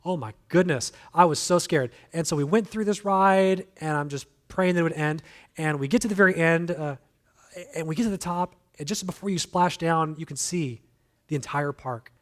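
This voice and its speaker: A man's voice: fairly high pitch, moderate pace. Man preaching with self-deprecating humor. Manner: emphatic, repeats key phrases. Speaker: guest speaker. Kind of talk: sermon.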